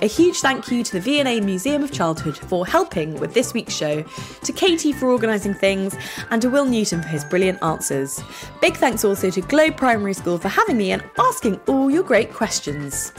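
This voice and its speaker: A woman hosting a podcast for children, reading a script in a bright, expressive way. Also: mid-range voice. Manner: bright, lively, expressive delivery.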